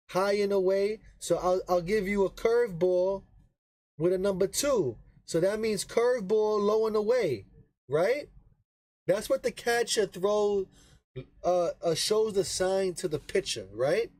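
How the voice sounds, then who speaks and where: Man, high voice, slow unhurried delivery, casual baseball chat, keeps asking "right?". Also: a little mellow, dry recording, poor audio. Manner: rambling, explains with frequent "right?" tag questions; repeats himself for emphasis. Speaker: baseball podcast host. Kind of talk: casual sports talk.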